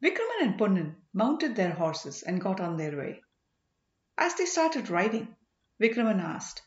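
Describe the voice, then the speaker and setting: Woman reading a storybook with lively pitch. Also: a little slow. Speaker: audiobook narrator. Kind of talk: scripted narration. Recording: roomy, dull lo-fi recording.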